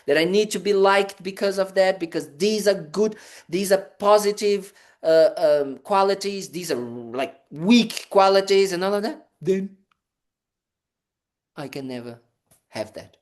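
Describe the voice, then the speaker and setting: The speaker, a male Buddhist monk, has a high voice with lively intonation and an unhurried pace. His relaxed dharma talk is chatty and playful, heavy on "you know" and false starts, with small scenes acted out as "da, da, da."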